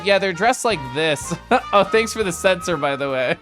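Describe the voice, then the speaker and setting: A man's voice: high voice, lively intonation, a little slow, music in the background. A man streaming live, chatting casually with his viewers, playful and giggly as he greets them by name.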